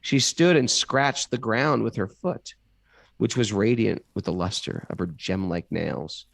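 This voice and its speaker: A man's voice: on the low side, measured pace, gravelly, a bit bright, dry recording, clean studio sound. A man reading scripture aloud as a podcast co-host, stopping now and then to ask puzzled questions about the text. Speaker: reader and co-host.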